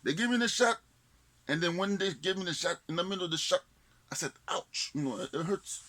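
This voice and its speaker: A man with a Haitian Creole accent tells a comic story in a bright, slightly high voice. He talks playfully, sliding between Creole and English. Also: expressive, fast talker. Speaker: comedian. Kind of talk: comic monologue.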